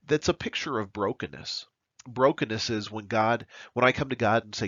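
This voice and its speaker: A man's voice: lowish voice, a bit bright, no room sound. Male pastor, emphatic sermon voice, dry close recording, slightly muffled. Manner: earnest, emphatic preaching with dramatic pauses.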